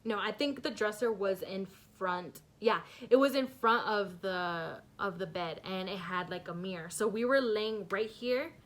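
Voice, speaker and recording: A woman's voice: medium pitch, a little slow, few pauses. A young woman telling a personal story in a casual vlog, rambling with many fillers and nervous laughs. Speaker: vlogger.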